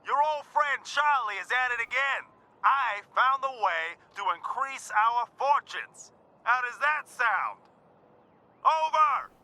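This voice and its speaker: A slick, wheedling cartel fixer. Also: male voice, very high voice, lively intonation, slow, exaggerated voice. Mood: eager. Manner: wheedling, theatrical salesman patter, loud. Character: slick, scheming male cartel fixer on a radio. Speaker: game character.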